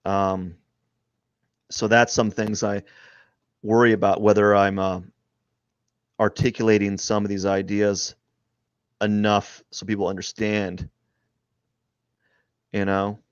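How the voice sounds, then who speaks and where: A man streaming live as he draws, rambling and thinking aloud, restarting his sentences and often trailing off quietly. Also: on the low side, level tone, takes it slowly, pauses often, clear, resonant tone, no room sound, highs cut off. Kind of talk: casual live-stream narration while drawing.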